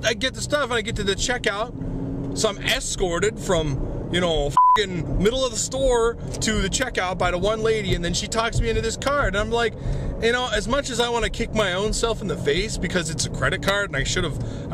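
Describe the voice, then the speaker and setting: A man's voice: high-pitched, background noise. A young man ranting angrily and swearing into a camera inside his car. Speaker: vlogger. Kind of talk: ranting vlog.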